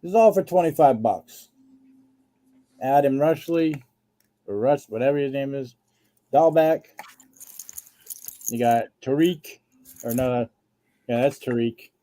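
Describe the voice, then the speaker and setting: A man hosts a live card-sale stream in an easygoing, casual way. He talks at an ordinary middle pitch and runs through the cards as he shows them. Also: measured pace, long pauses, dark tone.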